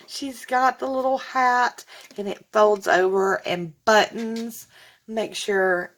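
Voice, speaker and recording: A woman's voice: on the high side, animated, takes it slowly. A woman, gushing as she unboxes gifts in a casual vlog. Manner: gushing and effusive, says y'all. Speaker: vlogger.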